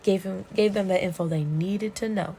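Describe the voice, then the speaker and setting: Young woman vlogging, chatty and swears a lot, bit of vocal fry, faint noise behind. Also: medium pitch, moderate pace, poor audio. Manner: animated, profane, laughing storyteller. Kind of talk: casual story recap.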